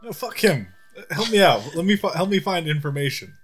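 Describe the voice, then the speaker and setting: A man's voice: sits high, expressive, fairly quick, faint music behind. A man playing a tabletop game, joking and speaking emphatically.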